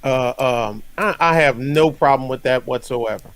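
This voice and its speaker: A man in his fifties from North Carolina, hosting a casual chat and telling stories in an animated, rambling way with frequent laughter. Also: medium pitch, measured pace, no echo. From North Carolina, USA. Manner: rambling, animated storyteller who laughs often. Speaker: podcast host.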